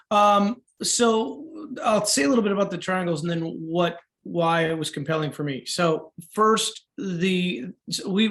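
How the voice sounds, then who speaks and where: A man, a coach, answering interview questions and explaining a tool, acting out the people he quotes. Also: fairly high pitch. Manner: animated, acts out quoted voices.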